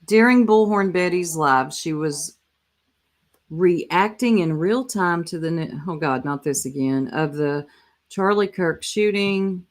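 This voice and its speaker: A woman's voice: on the low side, slow pace. A woman hosting a casual live reaction stream, chatting and talking straight to her viewers. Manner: chatty, addresses viewers directly.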